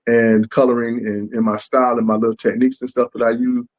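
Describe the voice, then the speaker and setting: A man's voice: mid-range voice, fast talker, few pauses, rough recording. A man, a comic book creator talking in a casual interview and acting out what fans say to him. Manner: animated, acts out fans' lines.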